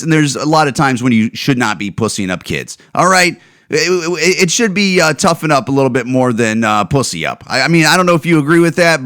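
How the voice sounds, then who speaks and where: Profane ranting podcast host, lively pitch. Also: male voice. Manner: profane, exasperated, repeats words. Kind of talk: ranting commentary on viral videos.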